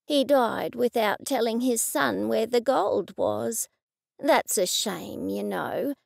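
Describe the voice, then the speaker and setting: A woman voicing a vague, rambling elderly man in his eighties in a storybook reading, speaking slowly and softly. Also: a little high, vocal fry, no echo, studio quality, heavily acted. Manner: slow, soft, rambling.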